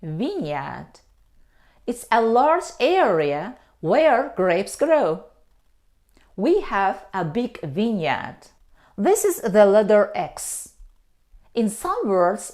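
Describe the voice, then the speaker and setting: A woman gives a slow, careful pronunciation lesson, saying each word twice and then explaining it. Her pitch rises and falls a great deal, and she keeps an unhurried pace. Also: a little mellow. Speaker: English teacher.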